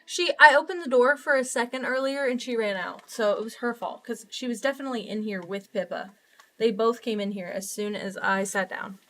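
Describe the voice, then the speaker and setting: A woman's voice: fairly high pitch, fairly quick, fairly bright tone, slight background noise. A young woman streaming from her desk at home, chatting casually with viewers and thinking aloud as she plays. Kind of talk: casual chat while playing a game.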